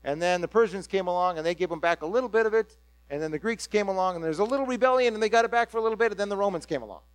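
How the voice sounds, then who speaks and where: A man preaching a sermon in a storytelling manner, acting out the crowd's eager reactions in lively bursts. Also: high-pitched, rapid-fire, clear, resonant tone, no room sound.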